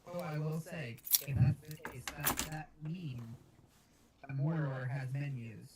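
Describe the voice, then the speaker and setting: A man's voice: a little high, fairly even intonation, a little slow, very noisy. Man at a tabletop game. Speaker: player. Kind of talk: casual tabletop game chat.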